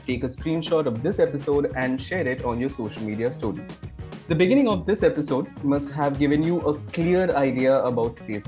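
A man with an Indian English accent hosting a podcast, chatty and joking as he interviews a guest. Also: mid-range voice. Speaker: podcast host. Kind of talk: casual interview chat.

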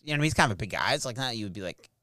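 A man's voice: mid-range voice, racing, no room sound. Podcast guy telling a wild story, lots of up and down in his voice, dry close sound. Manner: animated, swearing, laughing storyteller. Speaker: podcast host. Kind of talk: casual storytelling chat.

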